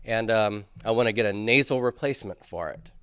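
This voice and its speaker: A man's voice: fairly low pitch, a little fast, a bit bright, smooth, dry recording. A man teaching a classroom grammar lecture, patiently drilling students through forms and asking them to repeat after him. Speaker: Greek teacher.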